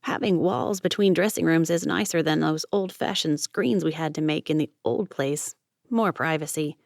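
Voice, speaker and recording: A woman's voice: low voice, moderate pace, vocal fry, darkish tone, no room sound, studio quality. A woman voicing a fussy, chatty middle-aged seamstress in an audiobook. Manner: bustling, apologetic, chatty.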